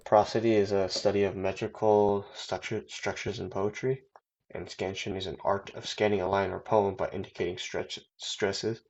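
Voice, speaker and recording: Brief: male presenter, gravelly low voice, halting reading, muffled recording. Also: level tone, darkish tone. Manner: reads with small slips and fillers. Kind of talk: reading a prepared lesson. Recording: dull lo-fi recording.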